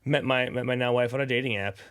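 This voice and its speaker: A man's voice: medium pitch, steady tone, fast talker, a bit bright, clean tone, no room sound. A man speaks as a podcast guest, recounting his story in a loose, conversational way. He leans on "you know" and "like" as he goes. His mid-range voice sounds close and dry in the studio. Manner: rambling, peppered with "you know" and "like".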